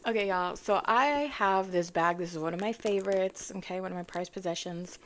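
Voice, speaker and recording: A woman's voice: lowish voice, normal speed, slight background noise. Chatty young woman telling a story. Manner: chatty, animated, full of fillers and asides; acts out quoted lines in her own voice. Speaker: car content creator telling a story. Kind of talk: casual storytime.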